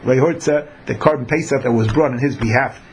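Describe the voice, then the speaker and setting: A man's voice: mid-range voice, fairly quick, a little hiss or hum. A man teaching a Talmud class who acts out the people in his examples. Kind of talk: Talmud lecture.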